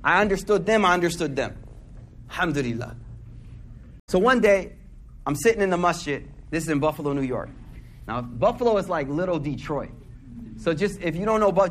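A man's voice: fairly high pitch, slight background noise. A man giving a casual sermon. He tells stories in a slangy, conversational way and keeps asking the audience questions. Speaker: Muslim speaker giving a talk.

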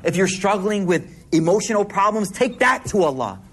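A man preaches to a gathered crowd, his voice climbing high and swooping as he slips into street slang and acts out little scenes. The delivery runs a bit high for a man, and a faint hiss sits under the hall sound. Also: normal speed. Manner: casual slang-filled preaching, animated voices. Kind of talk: sermon. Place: hall with audience.

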